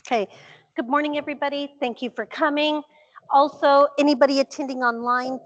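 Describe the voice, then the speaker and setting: A woman chairing a community meeting, friendly and organized, opening with introductions. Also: on the high side. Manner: friendly, organized, laughs easily. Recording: dull lo-fi meeting audio.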